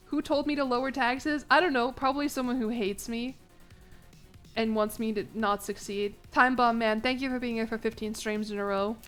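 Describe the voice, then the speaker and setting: Fairly bright and a touch high, this young woman's voice carries a casual livestream as she plays a strategy game, tossing sarcasm and curses at her chat.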